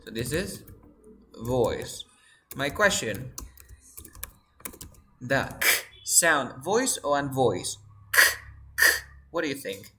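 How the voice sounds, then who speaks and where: Male teacher, unhurried, drills sounds over and over. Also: medium pitch, sing-song, sharp tone. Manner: slow, repeats sounds and words, asks the class questions. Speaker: English teacher. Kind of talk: pronunciation lesson.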